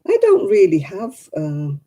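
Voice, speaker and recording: A woman's voice: fairly low pitch, wildly swooping pitch, measured pace, dark tone, slightly rough. A woman hosting a casual livestream chat, talking to viewers by name and laughing often. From England. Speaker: livestream host.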